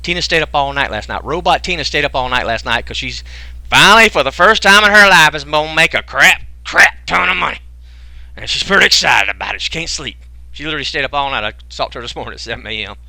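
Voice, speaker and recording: A man's voice: fairly high pitch, animated, quick pace, gravelly, bright, forceful tone, no echo. A man hosting an online sales webinar, joking around and firing off rhetorical questions in folksy slang. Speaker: webinar host pitching a business program. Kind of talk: casual sales pitch to a live online audience.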